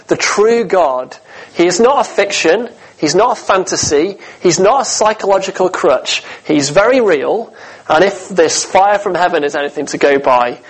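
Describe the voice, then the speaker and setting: A man preaching a sermon, telling the story with lively asides, humor and rhetorical questions. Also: on the high side, breathy edge, rough recording.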